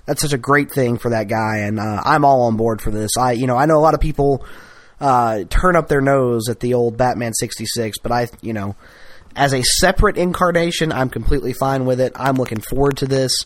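Brief: eager podcast co-host, mid pitch, dry close sound. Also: male voice, a little fast, dry recording. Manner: enthusiastic, rambling with restarts. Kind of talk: casual chat.

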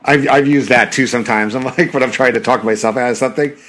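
A man's voice: medium pitch, steady tone, quick pace, fairly bright tone. A man hosting a podcast, chatting casually and giggling while rambling about a film. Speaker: podcast host. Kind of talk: casual chat watching a film.

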